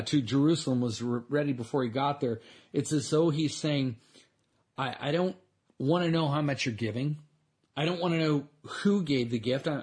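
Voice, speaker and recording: A man with a husky, slightly breathy voice preaches an earnest sermon. He speaks in a conversational way and often restarts his phrases. His pitch sits in an ordinary middle range for a man. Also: a little mellow. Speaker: pastor.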